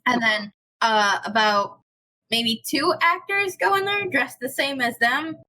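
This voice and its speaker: A young woman chatting casually on a podcast, telling a ghost story in an animated way, with lots of fillers and swearing. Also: high-pitched, a little slow, low-quality recording. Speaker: podcast co-host.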